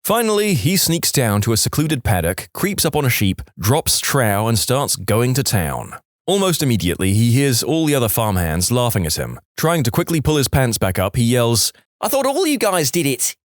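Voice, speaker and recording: A man narrating jokes for a storytelling podcast, in an animated way, now and then slipping into funny character voices. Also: mid-range voice, moderate pace, dry recording, studio quality.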